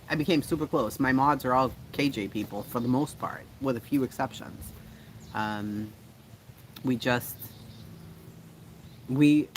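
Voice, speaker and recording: A blunt, foul-mouthed man hosts a casual livestream, chatting and answering viewer comments. His voice sits in an ordinary middle pitch and he laughs often. A steady hiss of background noise runs under the home stream audio. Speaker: livestream host.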